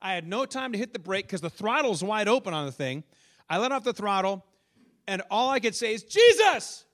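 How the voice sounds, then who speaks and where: Male pastor, high voice, lively storytelling sermon with questions to the congregation. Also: brisk. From northern United States. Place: church.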